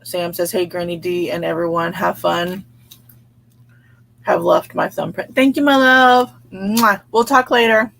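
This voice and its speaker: Slow, giggly woman chatting on a livestream. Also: lowish voice, fairly even intonation, gravelly, fairly bright tone, slight background noise. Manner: chatty, giggly, reads viewer comments aloud. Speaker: livestream host reading chat. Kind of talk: casual live chat.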